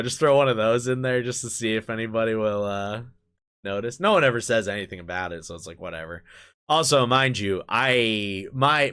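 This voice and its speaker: A man with a somewhat low voice chats casually on his live stream. He rambles along with plenty of fillers and drops swear words as he goes. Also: fairly bright tone, clear, resonant tone.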